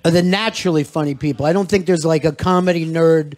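High-voiced older male talk host. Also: fairly even intonation, quick pace, darkish tone. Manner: laid-back, teasing interviewer. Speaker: radio host. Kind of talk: casual interview chat. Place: comedy club stage, live.

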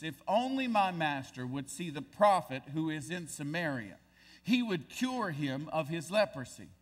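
A male pastor preaching a sermon, reading scripture aloud and then pressing his points with growing emphasis. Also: fairly high pitch. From United States.

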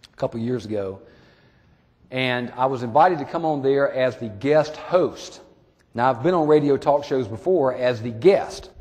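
A man's voice: medium pitch, a little mellow. A man, a sheriff and police trainer, telling a story in a folksy, conversational training talk. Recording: echoey hall.

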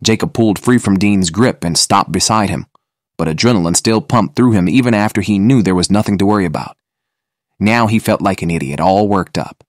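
Deep-voiced man narrating an audiobook. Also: fairly quick, no echo, clean studio sound.

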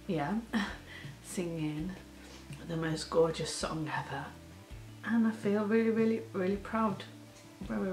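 A woman's voice: sits low, gravelly, a little mellow. A woman hosting a reaction video, tearful and crying, gushing with praise and laughing through her tears. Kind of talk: emotional reaction commentary. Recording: roomy echo.

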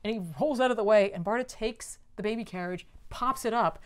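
Chatty woman host recapping a comic, kinda high voice, says like a lot. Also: brisk. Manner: animated storyteller, filler "like". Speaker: podcast co-host. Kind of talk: casual chat recapping a comic.

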